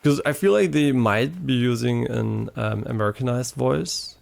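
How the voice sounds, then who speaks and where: While gaming on a live stream, this man rambles on in easygoing chat with his audience, occasionally swearing. He speaks at a moderate pace in a mid-range, slightly mellow voice marked by vocal fry.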